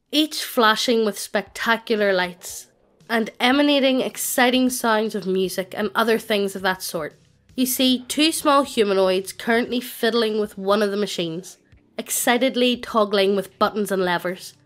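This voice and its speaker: A text-to-speech woman's voice narrating a tabletop game, with a flat, evenly paced computer reading. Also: on the high side, moderate pace.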